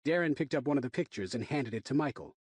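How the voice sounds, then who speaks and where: A male audiobook narrator reading a dark thriller in first person, his pitch moving lively through each line. The voice is husky and mid-range, recorded dry in a booth. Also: fast, no room sound.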